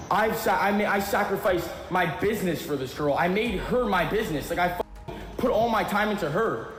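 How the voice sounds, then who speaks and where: Fired-up swearing young man ranting. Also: high voice. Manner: swearing heavily, repetitive and worked up. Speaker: streamer. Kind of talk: angry livestream rant. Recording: roomy clip with music underneath.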